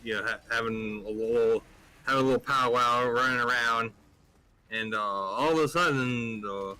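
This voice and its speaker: Bright-voiced man rambling a joke. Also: medium pitch, moderate pace, clean tone, poor audio. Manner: rambling joke-teller, many restarts. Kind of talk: casual chat during a game stream.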